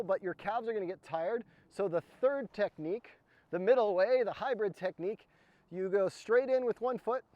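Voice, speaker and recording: A man's voice: high voice, a little mellow, dry recording. A man from the United States teaching mountaineering footwork, explaining each step as he demonstrates it on a snow slope. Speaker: mountaineering instructor. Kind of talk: outdoor skills demonstration.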